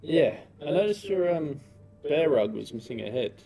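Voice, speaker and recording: A man playing a tabletop game in character, bargaining in a dry, smooth-talking way. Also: on the high side, big pitch swings, moderate pace, warm tone, rough recording. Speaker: player.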